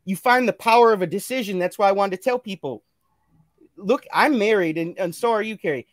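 A man's voice: high voice, a little fast, no room sound, clean studio sound. A man talking earnestly on a live stream, preaching self-love and good decisions in a repetitive, motivational way. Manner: earnest, preachy, repeats phrases. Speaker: guest. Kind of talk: motivational casual chat.

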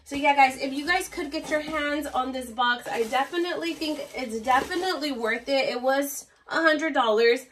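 A woman's voice: high voice, moderate pace, hardly any pauses, a bit bright, slight background noise. A woman with a Spanish accent, a native Spanish speaker, chatting casually and gushingly as she unboxes beauty products. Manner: bubbly, gushing, laughs often. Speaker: beauty vlogger.

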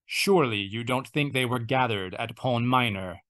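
A man voicing a calm, courteous fleet officer. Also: mid-range voice, no echo, clean studio sound, close to an everyday voice. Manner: measured, polite, assured.

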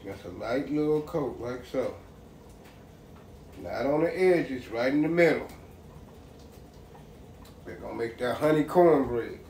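In a roomy home kitchen with faint ambience and slight hiss or hum, a laid-back man shows his home cooking and addresses viewers as "y'all." He speaks in a mid-range, darkish voice with lively intonation, a little slowly and with long pauses.

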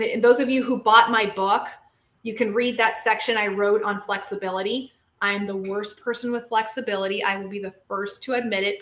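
A lively, chatty woman hosts a casual live-stream question session, speaking as a physical therapist. Her voice sits a little high, and she keeps turning to her viewers as she talks. The sound carries a noticeable echo of the room around her. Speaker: physical therapist and show host.

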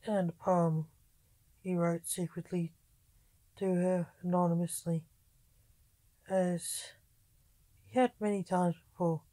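A woman narrates her own tale in a slow, measured storybook manner. Her voice is mellow and dark, and the recording sounds close and dry. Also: lowish voice, level tone, no room sound.

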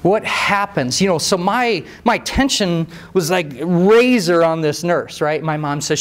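A man who trains mechanics, telling a story in a live talk, conversational and animated, with rhetorical questions and asides. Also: sits high, unhurried, hardly any pauses. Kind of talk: storytelling presentation to a live audience.

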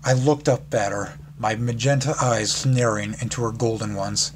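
A man reads a fan fiction story aloud in a casual, unpolished way, tripping over words now and then. His voice sits at an ordinary male pitch. A steady hiss of background noise sits under the recording. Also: normal speed, few pauses. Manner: casual reading with slips and laughs.

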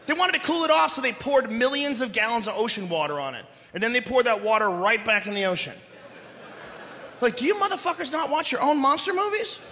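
A man doing live stand-up comedy, ranting loudly and animatedly with lots of profanity. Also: very high voice, expressive, fairly quick. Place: large theater stage. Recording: echoey hall with audience noise.

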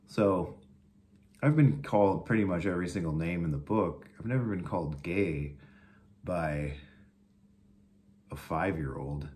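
A middle-aged man telling a funny teaching story to his viewers in a casual chat, getting animated as he goes. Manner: animated, jumps high when quoting kids. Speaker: vlogger.

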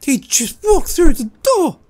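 A man giving jokey let's-play commentary, excitable and breaking into sudden high yelps. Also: measured pace. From Australia. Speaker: gaming YouTuber.

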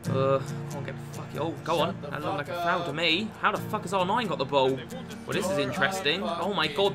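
A young British man narrating his own football video game matches. He swings from easy chatter to loud, exasperated swearing, with a slightly high voice. Game music plays clearly underneath. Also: normal speed. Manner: excitable, sweary, frequent exasperated outbursts. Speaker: gaming YouTuber. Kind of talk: live gameplay commentary.

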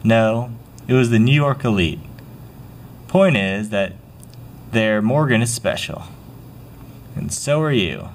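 A kindly old grandpa with a folksy, unhurried drawl, as a man puts him on. His voice sits a little low and rolls up and down in a lively way. He sounds reassuring, like he is passing on old wisdom. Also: a little hiss or hum. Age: older. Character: old grandfather, gentle storyteller.

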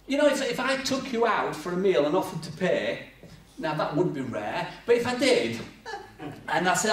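A man's voice: sits high, normal speed. A man preaching a sermon, telling stories with humor and acting out voices. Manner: lively storytelling with acted-out voices and humor. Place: church hall. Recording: echoey church hall from far off.

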